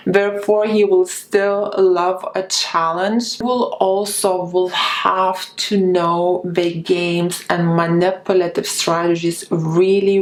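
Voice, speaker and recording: A woman relationship coach giving slow, deliberate dating advice straight to her viewers. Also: fairly low pitch, roomy sound, rough recording. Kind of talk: advice vlog talking to camera.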